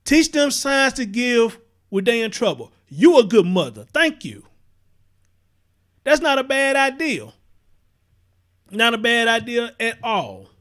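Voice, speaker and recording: Passionate high-voiced man. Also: big pitch swings, takes it slowly, pauses often, a bit bright. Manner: passionate, profane, repetitive. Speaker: commentary show host. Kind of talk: live-stream commentary, reading viewer comments.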